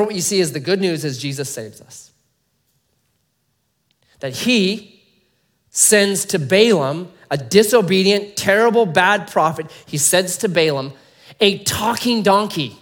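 A male pastor delivering a sermon with a high, lively voice that swoops up and down. He talks to his listeners casually and keeps asking them rhetorical questions. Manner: animated, conversational preaching with rhetorical questions.

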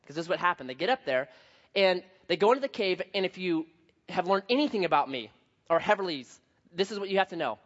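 A man pastor preaching a sermon, telling a story with lively swings from hushed to loud. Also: high-pitched, fast talker. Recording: dull lo-fi sound.

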